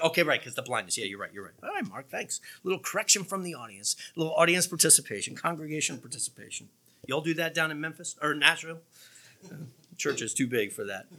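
A male preacher gives a sermon in church with a bright, forward voice that swings widely in pitch. He's animated, leaning hard into sarcastic lines and firing off quick remarks to the congregation.

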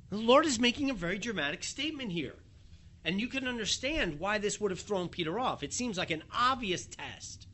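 A man preaching a sermon, telling the story in a lively way with a chuckle here and there. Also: sits high, brisk.

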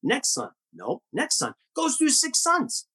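Lively husky-voiced male preacher. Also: very high voice, slow. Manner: animated storytelling, rhetorical questions. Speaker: pastor. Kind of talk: sermon.

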